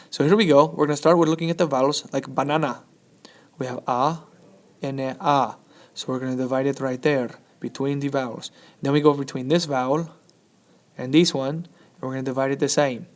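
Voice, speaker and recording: A man teaching a Spanish lesson from slides, upbeat and chatty, often checking in with "okay?". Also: mid-range voice.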